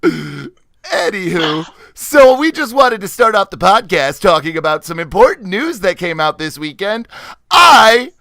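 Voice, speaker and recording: A man's voice: very animated, unhurried, gravelly, pushed and bright, dry recording, clean studio sound, heavily acted. A man putting on an over-eager male game-show announcer voice for a mock show introduction. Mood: grandiose. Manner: booming, theatrical and drawn out. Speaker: host.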